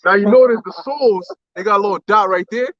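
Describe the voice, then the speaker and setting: A man's voice: high-pitched, quick pace, fairly bright tone, dry recording. A man in casual talk with a co-host, speaking emphatically and quoting scripture. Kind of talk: casual religious talk chat. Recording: dull lo-fi sound.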